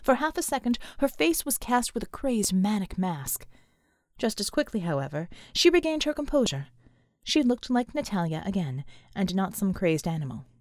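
A woman's voice: mid-range voice, sing-song, normal speed, a little mellow, dry recording, clean studio sound. A woman reading an action novel aloud as audiobook narrator. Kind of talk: scripted narration.

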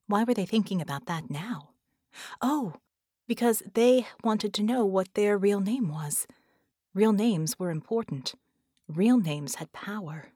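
A woman narrating an audiobook in a measured way, at times dropping into a whisper. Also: medium pitch, expressive, dark tone, husky, no echo, clean studio sound. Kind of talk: scripted narration.

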